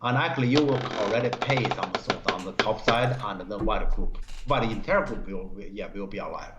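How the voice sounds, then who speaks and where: Halting man reviewing go games. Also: fairly low pitch, background noise. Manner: halting, many fillers, broken English grammar. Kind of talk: live-stream game review. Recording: roomy, dull stream audio.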